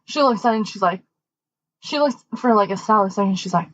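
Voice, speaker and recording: A young woman co-hosting a podcast, telling a story casually and acting out the quoted voices with big jumps in pitch. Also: fast talker, fairly bright tone, dry recording. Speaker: podcast co-host. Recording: dull, dry lo-fi mic.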